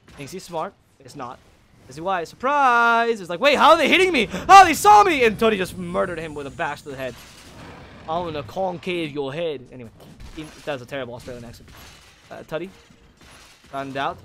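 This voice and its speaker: A man calls a video game match on his own at a rapid clip, his voice sitting fairly high. He is opinionated and quick to criticize, often correcting himself mid-sentence. A faint hum of ambience sits under his voice. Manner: opinionated, drifts into critical rants; frequent self-corrections and repeated words. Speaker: esports caster. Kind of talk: solo play-by-play commentary.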